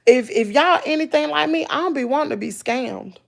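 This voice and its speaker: A Southern woman talking casually to her live chat, with a somewhat high voice that has a gravelly edge. She is folksy and animated and drives her points home by saying them again and again. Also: fairly quick. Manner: animated, folksy and preachy, repeating herself for emphasis.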